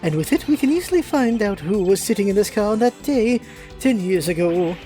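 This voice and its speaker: Formal male prosecutor , read by a woman, measured delivery, mellow tone, faint music underneath. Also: medium pitch, animated, lightly acted. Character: confident male prosecutor investigating a case. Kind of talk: reading game dialogue aloud.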